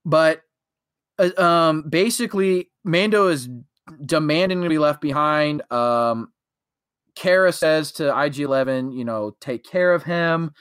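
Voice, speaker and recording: A man's voice: a little high, a little slow, a bit bright, clean tone, no room sound, clean studio sound. A man co-hosting a podcast, retelling a show's plot in a rambling, casual way full of fillers and acted-out quotes. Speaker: podcast co-host. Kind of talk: casual chat recapping a TV episode.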